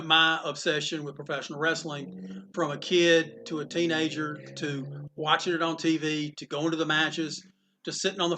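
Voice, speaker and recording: A man, a comic shop owner, telling animated stories in a casual interview and acting out the voices of people in them. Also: on the high side, slight background noise. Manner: animated storyteller, acts out quotes, laughs often.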